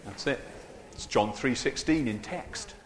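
A man's voice: mid-range voice, unhurried, crowd noise. A man preaching an informal, humorous sermon into a microphone, chatty and self-deprecating, often turning to the congregation with asides. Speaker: preacher leading a church service. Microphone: handheld or stand microphone. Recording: echoey hall with long reverb.

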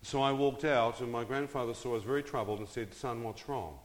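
A fast-talking man with a medium-pitched voice gives a storytelling testimony before a live audience. He pulls the crowd in with questions and jokes, and the hall adds a long reverb.

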